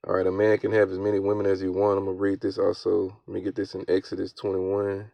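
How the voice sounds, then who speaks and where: Gravelly low-voiced man preaching casually. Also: completely flat delivery, dark tone, no echo. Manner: casual, street-slang delivery, tags lines with "all right?"; reads verses aloud slowly and deliberately. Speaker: scripture commentator. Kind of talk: preaching-style commentary with scripture reading. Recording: dull, lo-fi, dry sound.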